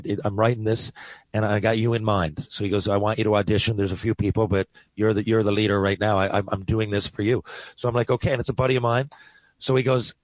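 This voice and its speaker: A man co-hosting sports radio, talking hockey in quick, chatty bursts. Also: on the low side, no echo, low-quality recording. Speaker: sports radio co-host and actor. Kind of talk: casual sports talk.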